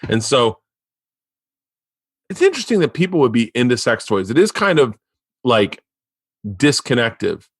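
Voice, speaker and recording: A man hosting a podcast in casual chat, telling rambling, profane, excitable stories into a studio mic. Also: mid-range voice, normal speed, long pauses, breathy edge, dry recording. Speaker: podcast host.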